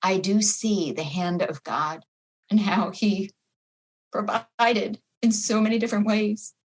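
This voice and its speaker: A woman's voice: mid-range voice, fairly even intonation, slow pace. A middle-aged woman recounting a painful loss as a podcast guest, speaking in an emotional, reflective way. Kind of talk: personal testimony in a podcast interview.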